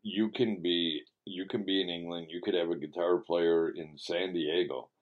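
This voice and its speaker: A man's voice: sits low, steady tone, normal speed, narrow, tinny audio. A man hosting a casual radio show and interview, talking in a joking, rambling, teasing way. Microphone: studio mic with webcam.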